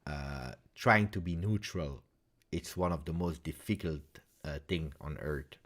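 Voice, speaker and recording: A man with a very deep, unhurried voice hosts a live football reaction stream from his home setup in Belgium. He's animated, reading out viewer comments and thinking aloud, full of "uh"s and tag questions like "eh?"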